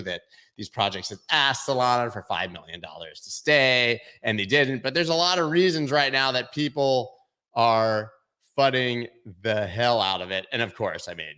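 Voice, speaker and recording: Bright-voiced man hosting a crypto stream. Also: lowish voice, smooth. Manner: chatty, jokey asides to chat. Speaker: crypto livestream host. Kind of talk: casual livestream market commentary.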